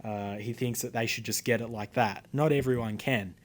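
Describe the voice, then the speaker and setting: An Australian teenage boy vlogging a complaint, talking in loose, rambling runs full of "um" and "anyways". His mid-pitched voice carries a defiant, indignant edge, with casual swearing throughout. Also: fairly even intonation, moderate pace. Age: teens. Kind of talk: casual storytelling to camera.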